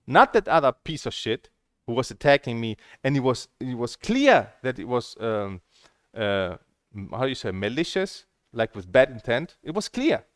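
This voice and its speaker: Ranting man, pitch jumping all over. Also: very animated, normal speed, dry recording, studio quality. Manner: angry, ranting, with many fillers and restarts. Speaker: streamer. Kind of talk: heated monologue.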